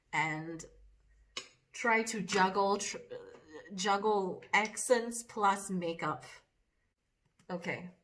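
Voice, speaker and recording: A woman's voice: fairly low pitch, a bit bright. Chatty self-deprecating woman vlogger. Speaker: makeup vlogger. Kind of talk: casual vlog chat.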